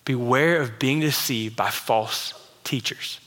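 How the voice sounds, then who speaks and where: A male pastor preaching a sermon, swinging between impassioned, emphatic peaks and a soft, close, confiding tone. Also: mid-range voice, takes it slowly. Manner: drops to soft, intimate tone for Jesus' warnings.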